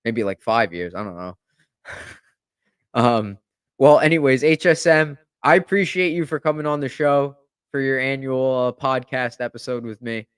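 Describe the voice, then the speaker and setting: A man's voice: medium pitch, normal speed, clear, resonant tone, no room sound. Guy hosting a podcast, rambles a lot, like like like, dead dry mic. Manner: rambling, animated, many fillers. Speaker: podcast host. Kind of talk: casual chat.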